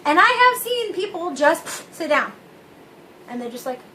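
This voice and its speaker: A woman's voice: extremely high pitch, measured pace, slight background noise. A young woman hosting a vlog, chatting casually and telling stories with lots of giggling. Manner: giggly, animated storytelling. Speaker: vlog host. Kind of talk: casual chat.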